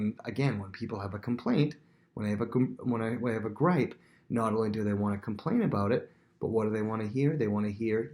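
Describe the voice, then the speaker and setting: A man's voice: on the low side, fast, darkish tone. A man teaching a recorded Bible lesson in a conversational way, acting out scenes and often repeating himself.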